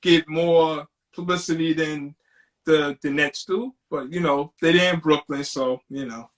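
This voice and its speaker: High-voiced laid-back New man. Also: steady tone, measured pace, recorded from a distance. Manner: laid-back, laughs often. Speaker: guest. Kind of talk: casual chat.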